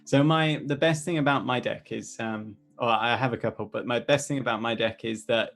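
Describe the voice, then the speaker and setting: A man's voice: medium pitch, creaky, a bit bright, faint music behind. A man playing a tabletop game who teases the others and laughs a lot over a voice call. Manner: teasing, quick-witted, laughing. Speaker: player. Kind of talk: casual banter over a voice call.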